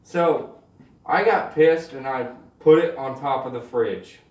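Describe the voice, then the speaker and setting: A man telling stand-up stories in an animated, swearing style, acting out the people in them. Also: medium pitch, slow, echoey room, recorded from a distance. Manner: animated, swears freely, acts out voices. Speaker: stand-up comedian. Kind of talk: stand-up storytelling.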